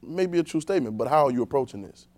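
A male preacher giving a conversational sermon, talking directly to his congregation and swinging between quiet, low asides and loud emphasis. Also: animated, quick pace.

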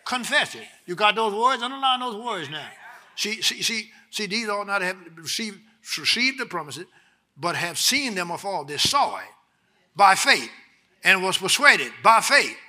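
Male pastor, high bright voice, preaches call-and-response, drops low to teach and rises loud to exhort. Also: expressive, normal speed. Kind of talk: sermon.

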